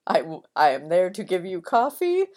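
A woman co-hosting a comedy podcast, a barista who chats casually with self-deprecating, deadpan asides. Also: lowish voice, moderate pace.

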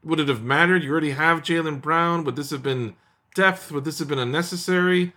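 A man's voice: a little high, fairly quick, pushed and bright. A man hosting a casual sports podcast, talking in sardonic, emphatic runs. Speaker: podcast host.

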